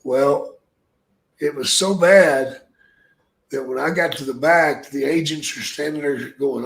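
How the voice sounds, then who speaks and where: A retired wrestler spins rough, cussing stories in a loose, rambling way. The man's voice sits fairly high for his sex. The sound rings around an echoey room. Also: measured pace, fairly bright tone. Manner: gruff, profane, rambling anecdotes. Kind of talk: casual podcast storytelling.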